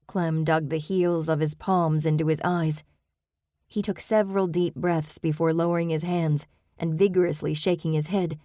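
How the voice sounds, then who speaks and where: A woman narrating a cozy mystery audiobook in an even, measured storytelling manner. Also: deep voice, dry recording, clean studio sound. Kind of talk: scripted narration.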